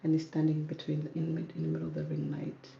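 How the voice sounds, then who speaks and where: A woman from South Sudan, speaking calmly and softly in a casual livestream Q&A as a YouTuber, reading out viewer comments. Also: low-pitched, quick pace, creaky, reverberant, lo-fi sound, slight background noise. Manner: calm, soft-spoken, reads out viewer comments. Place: home room with ring light. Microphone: camera on ring light.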